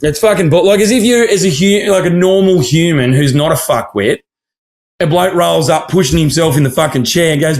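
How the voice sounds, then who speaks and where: A man's voice: on the high side, fairly quick. An Australian man co-hosting a podcast, telling stories in a sweary, ranting way and acting out the people he quotes. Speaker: podcast co-host. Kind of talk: casual chat.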